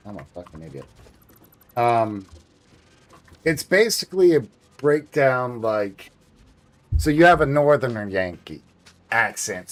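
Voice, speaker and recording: A man's voice: mid-range voice, very animated, slow pace, long pauses. A man streaming a game, chatting casually in a rambling way, with lots of fillers and some swearing.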